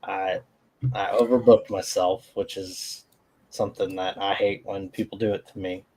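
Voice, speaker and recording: A man's voice: sits low, flat delivery, moderate pace, rough recording. A man co-hosting a live trading stream who chats casually in an agreeable, apologetic way. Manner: agreeable, apologetic, quiet interjections.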